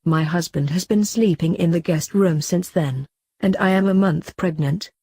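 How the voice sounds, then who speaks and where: A tearful, pleading young wife in a storybook, as a woman reads her in her own voice. Her voice is low and mellow. The sound is dry and close. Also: normal speed, slightly rough, dry recording. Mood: emotional. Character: emotional young wife, pregnant.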